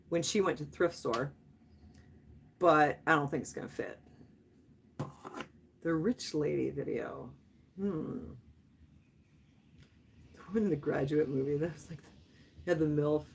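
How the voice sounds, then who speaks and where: A woman's voice: low-pitched, a little slow, pauses often, slight background noise. A woman around fifty chatting playfully with viewers on a livestream, laughing often and dropping in French phrases. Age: 50s. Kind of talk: casual live chat.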